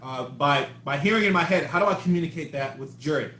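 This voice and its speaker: A man coaching a bass student online in a loose, searching way, often repeating words as he thinks. His voice sits high, and the call picks up a roomy echo with bass notes now and then. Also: fast talker, pushed and bright. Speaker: bass teacher. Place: home room on a video call. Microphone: video call mic. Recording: echoey room over a video call.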